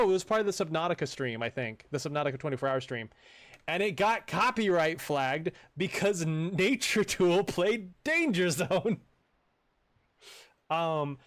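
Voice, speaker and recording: A man streaming a game in casual chat, rambling and chuckling with many fillers. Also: on the high side.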